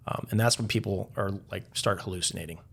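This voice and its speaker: Man, low voice, podcast guest, rambling casual storytelling. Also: fast talker, creaky, a bit bright, breathy edge. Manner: rambling, heavy use of "like".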